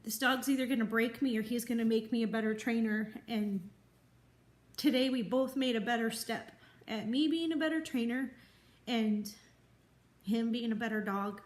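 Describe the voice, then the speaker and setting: A woman dog trainer talking earnestly to the camera in a vlog, teary and sniffly after a good cry. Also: a little high. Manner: slow, heartfelt, earnest. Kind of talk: emotional vlog talk to camera. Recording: echoey room.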